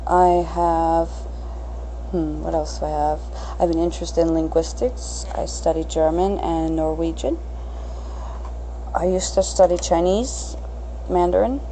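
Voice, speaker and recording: A blunt woman in her thirties rambles through an unscripted solo podcast, swearing freely. Her voice is low and dark, with a gravelly fry. A faint hiss of room noise sits under it. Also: fairly even intonation, measured pace, pauses often, rough recording. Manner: crass, blunt, self-mocking, swears freely. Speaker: podcast host.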